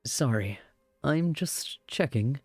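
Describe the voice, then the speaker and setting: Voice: mid-range voice, lively intonation, takes it slowly, darkish tone, husky, no echo, faint music behind. A streamer reading a romance visual novel aloud live, with giggly, chatty joking asides.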